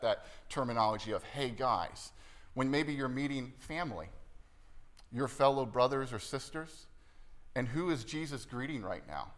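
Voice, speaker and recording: A man's voice: medium pitch, fairly bright tone. A man, the pastor, preaching a sermon in a conversational style. He keeps checking in with the congregation and acts out quoted lines playfully. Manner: conversational, checks in with the room often ("right?", "okay?").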